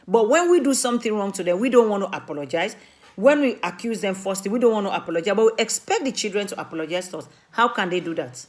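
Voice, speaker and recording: A woman's voice: mid-range voice, animated, fast talker. A woman from Africa, a mother and community speaker, giving an earnest, emphatic talk that pleads with her listeners and repeats her main points.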